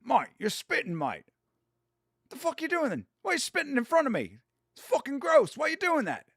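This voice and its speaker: A man's voice: very high-pitched, huge pitch swings, brisk, vocal fry, a bit bright, no echo, studio quality, pitched above the performer's own voice, exaggerated voice. A man imitating an irritated English friend with a thick English accent, scolding and swearing at him.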